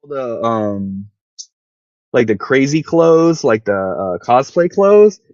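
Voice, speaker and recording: A man's voice: mid-range voice, sing-song, takes it slowly, darkish tone, dry recording. A man calling into a livestream from his car, chatting casually in a rambling, profane way full of likes and fillers. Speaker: guest calling in. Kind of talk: casual chat. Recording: muffled lo-fi call audio.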